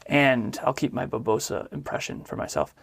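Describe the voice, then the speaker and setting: A man's voice: medium pitch, big pitch swings, normal speed, vocal fry, breathy edge. A man co-hosting a relationship podcast in upbeat, enthusiastic casual chat. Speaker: podcast co-host.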